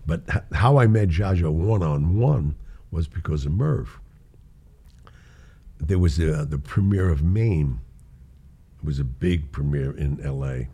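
An older man with an extremely low, breathy-edged voice speaks a little slowly, leaving long pauses. Casually recounting show-business stories, he acts out the voices involved and laughs often.

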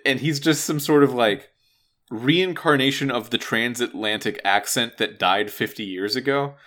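A man's voice: mid-range voice, moderate pace, fairly bright tone. A man co-hosting a casual gaming podcast, rambling and restarting his words often. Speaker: podcast co-host.

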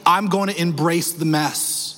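A male pastor preaching a sermon, emphatic, his pitch and pace swinging widely. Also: fairly even intonation, measured pace, sharp tone, long reverb tail. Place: church sanctuary.

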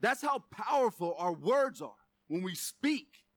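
Male pastor, high bright voice, animated sermon delivery, casual joking asides. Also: measured pace, no echo.

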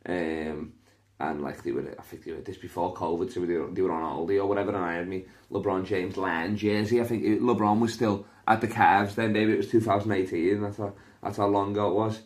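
A man's voice: low-pitched, steady tone, fairly quick. A comedian with a Liverpool accent, telling stories on his podcast in a loose, rambling, sweary way, full of fillers. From Liverpool, England. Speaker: stand-up comedian and podcast host. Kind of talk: casual podcast storytelling.

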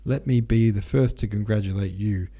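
A man's voice: fairly low pitch, moderate pace, creaky, warm tone. A man voicing a mocking young male officer, eager and cheeky, in an audiobook reading.

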